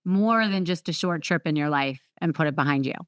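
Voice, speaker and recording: A woman with a somewhat low voice hosts a casual podcast interview. She asks her guest long, rambling questions in a relaxed, conversational way. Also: a little fast, clean tone, no echo. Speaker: podcast host.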